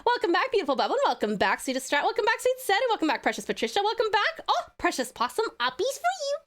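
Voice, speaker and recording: Brief: high, animated woman, chatty streamer, gushing thanks and pet names. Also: very fast. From Tasmania, Australia. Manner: bubbly, showers chat with pet names. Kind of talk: casual live-stream chat.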